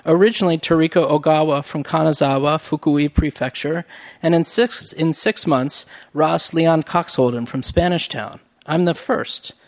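A man voicing a cheerful, loud office worker who speaks with a labored, exclamatory Jamaican accent. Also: on the high side, lightly acted. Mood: eager. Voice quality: overloud, gummy, exclamatory.

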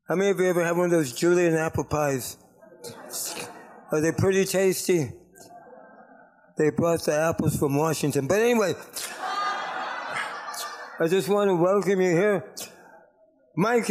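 A man's voice: sits high, moderate pace, long pauses, darkish tone. A man giving a casual public talk as guest speaker, friendly and joking with the audience.

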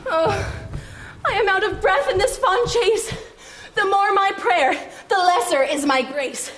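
A woman's voice: very high-pitched, a little slow, a bit bright. A woman playing a lovelorn, self-pitying young woman. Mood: plaintive. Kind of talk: Shakespeare stage reading.

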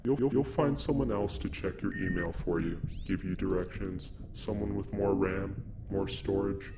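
A man voicing a calm, resigned male smartphone in a short film, talking deadpan and stuttering on repeated words. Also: deep voice, moderate pace, loud music behind the voice. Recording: loud background noise.

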